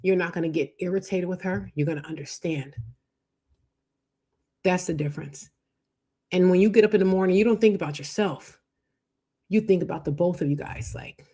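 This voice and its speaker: A middle-aged woman hosting a live faith-based talk on marriage, preachy and animated, acting out quoted voices. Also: on the low side, normal speed, pauses often, husky. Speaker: show host.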